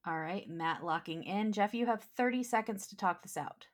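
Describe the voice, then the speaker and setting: A woman's voice: mid-range voice, moderate pace. A woman hosting a casual trivia podcast, reading questions aloud and laughing easily. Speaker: trivia host.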